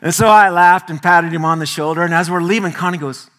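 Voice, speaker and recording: A man delivers a sermon as pastor in a slightly high, bright and forceful voice. He preaches in a folksy, animated way and slips easily into homely personal stories. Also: fast.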